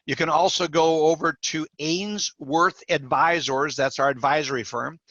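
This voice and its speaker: Bright-voiced man telling animated stories. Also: fairly high pitch, moderate pace, no room sound, highs cut off. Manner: animated storyteller acting out quoted dialogue. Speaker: podcast guest, mortgage industry coach. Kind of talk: storytelling in a podcast interview.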